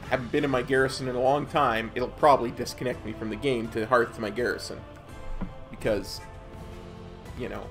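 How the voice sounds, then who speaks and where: A man's voice: medium pitch, fairly even intonation, brisk, fairly bright tone, soft background music. A man streaming a game, chatting casually with his viewers in a laid-back, rambling way. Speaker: gaming streamer. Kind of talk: casual gameplay chat.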